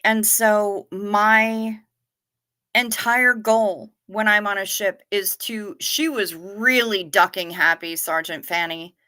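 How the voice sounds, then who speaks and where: A woman's voice: medium pitch, slow pace, pushed and bright. A woman hosting a casual livestream chat, swearing freely and talking with her viewers. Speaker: livestream host.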